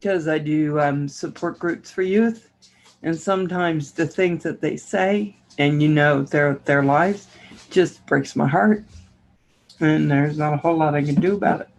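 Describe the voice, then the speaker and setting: A woman's voice: low-pitched, a little slow, a little mellow. A woman hosting a casual livestream, greeting viewers by name and laughing often as she chats. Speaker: livestream host.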